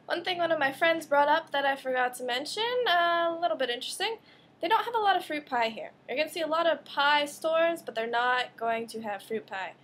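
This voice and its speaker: High-voiced sarcastic young woman vlogger. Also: animated, a bit bright. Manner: sarcastic, ranting, quick asides. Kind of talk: casual monologue to camera.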